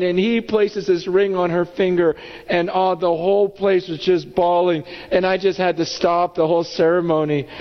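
Animated high-voiced pastor preaching. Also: male voice. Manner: animated storytelling, acting out voices. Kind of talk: sermon. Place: church sanctuary. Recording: dull reverberant church hall.

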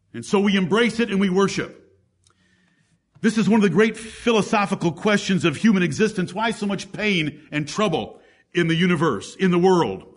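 High-voiced man preaching with fervor. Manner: emphatic preaching, rhetorical questions, lists scripture examples. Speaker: pastor. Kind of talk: sermon.

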